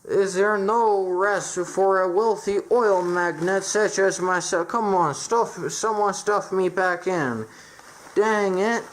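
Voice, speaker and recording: A woman's voice: medium pitch, takes it slowly, lightly acted, rough recording. A woman voicing a whiny male steel magnate who is stuffed with newspapers, pleading in stiff, formal sentences. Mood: desperate whining. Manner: whiny, pleading, stilted speech without contractions. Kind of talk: absurd comedy voice acting.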